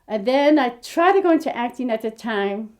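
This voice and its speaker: A fifty-year-old American woman talks straight to camera in a slightly high voice. She rambles and restarts, quirky and openly candid, as she recounts her journey as an aspiring actress. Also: moderate pace. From United States. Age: 50s. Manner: rambling, quirky, animated storytelling with frequent restarts. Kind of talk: casual chat to camera.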